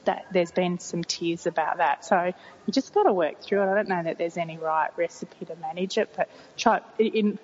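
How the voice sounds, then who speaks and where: A woman's voice: lowish voice, moderate pace. A woman in her forties, a mother talking frankly and rambling as she corrects herself in a casual conversation. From Australia. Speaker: interviewee, mother of three. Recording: muffled, reverberant, faint hiss.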